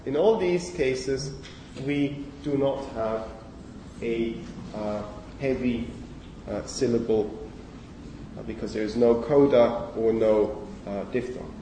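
A man giving a university lecture on phonology in a lecture hall, speaking haltingly with many fillers and self-corrections. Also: medium pitch, warm tone, slight background noise. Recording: echoey lecture hall from far off.

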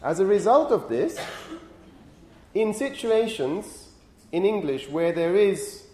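A male university lecturer explains phonetics, often pausing to check in with "okay?". His voice sits a little high but sounds warm and mellow. The recording carries room echo and a faint hum of ambience. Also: expressive. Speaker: linguistics lecturer.

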